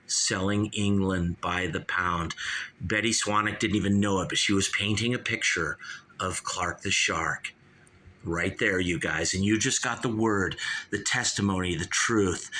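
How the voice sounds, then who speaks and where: A man hosting his own show, giving a rambling, excitable album review that is full of swearing and keeps repeating "you guys" and "dude". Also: low voice. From California.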